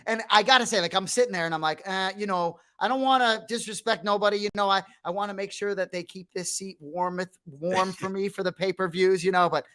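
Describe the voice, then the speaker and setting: A man's voice: high voice, a little fast, hardly any pauses, pushed and bright, clear, resonant tone. A man hosting a podcast in casual chat, enthusiastic and repeating his phrases. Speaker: podcast host.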